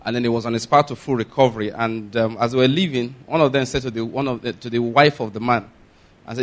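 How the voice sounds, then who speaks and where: A Nigerian man delivers a sermon at a quick pace in a medium-pitched voice. His preaching is loose and conversational, full of restarts and side remarks.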